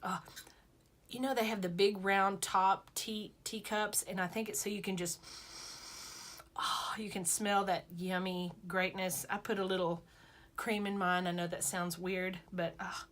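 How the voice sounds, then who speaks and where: A woman's voice: mid-range voice, little pitch movement, unhurried, fairly bright tone. A woman chatting playfully to her viewers, full of self-mocking asides. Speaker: sewing vlogger. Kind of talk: casual chat to camera.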